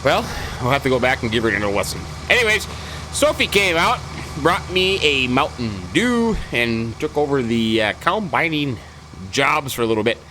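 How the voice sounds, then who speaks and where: A man's voice: medium pitch, very animated, normal speed, noisy background. A man hosting a farming-game let's-play, chatting casually in a folksy, rambling way and repeating his stock phrases. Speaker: gaming channel host.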